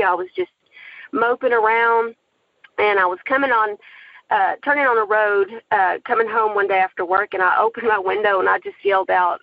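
A woman giving an earnest, animated personal testimony about her faith, in a plain storytelling manner. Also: on the high side, creaky, dry recording, highs cut off. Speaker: aspiring filmmaker telling her story.

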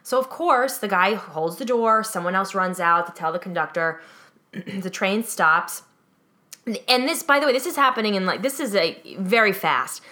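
A young woman co-host of a podcast speaks at normal speed with a medium-pitched voice. She's telling a story in a laid-back chat, animated throughout, and she imitates the people she quotes.

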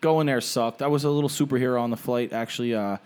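A man's voice: medium pitch, fairly even intonation, quick pace, darkish tone, clear, resonant tone. A man telling a rambling, profane story in casual podcast chat.

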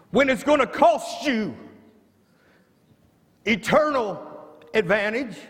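High-voiced preacher in a reverberant hall. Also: male voice. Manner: preaching with frequent "uh" before each phrase, rising to shouts. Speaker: pastor. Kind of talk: sermon.

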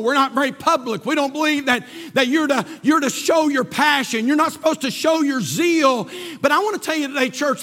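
Fervent high-voiced preacher in a reverberant hall. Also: male voice, fairly bright tone. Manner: fervent preaching, rapid scripture quoting, rhetorical questions. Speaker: pastor. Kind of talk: sermon. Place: large church sanctuary.

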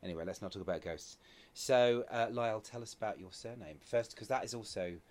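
A man's voice: on the low side, brisk, darkish tone. A man hosting a podcast interview in a theatre dressing room, playful and rambling, laughing often. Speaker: podcast host. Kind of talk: casual interview chat.

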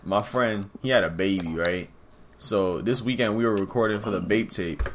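A man's voice: on the low side, moderate pace, very noisy. A young man co-hosting a podcast, telling a story in laid-back slangy casual chat and swearing freely. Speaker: podcast co-host.

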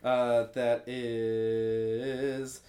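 A man playing a tabletop game with friends, hesitant with drawn-out fillers and dry jokes. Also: medium pitch, flat delivery, reverberant, background noise. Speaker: player.

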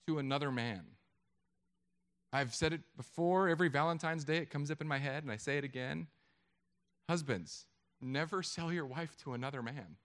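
A middle-aged man preaching a sermon, joking with the congregation in an animated way. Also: on the high side. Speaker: pastor.

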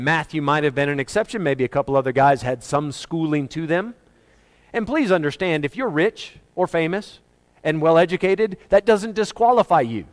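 Emphatic preacher man, slightly high voice. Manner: emphatic, swings between loud rising questions and soft low asides; reads scripture slowly and deliberately. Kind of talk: sermon.

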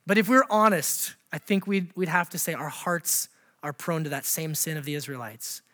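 Animated, high-voiced male pastor preaching. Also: moderate pace. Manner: conversational, engages the congregation with questions; animated, laughs at his own jokes. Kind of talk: sermon.

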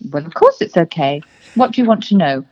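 A woman's voice: lowish voice, huge pitch swings, a little fast, slightly rough, dull audio. An older woman, a singer and actress, telling stories as an interview guest, with fillers along the way. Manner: warm storytelling with fillers, laughs easily. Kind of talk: casual interview.

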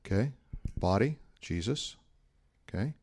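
A man's voice: lowish voice, animated, unhurried, a little mellow, slight background noise. A man, a pastor, giving a sermon in a conversational, humorous style full of anecdotes.

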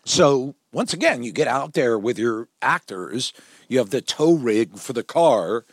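Man, film director, storytelling, animated impressions, mid pitch, dry close sound. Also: unhurried, breathy edge, dry recording. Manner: animated storyteller, quotes people in voices. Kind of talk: conversational anecdotes.

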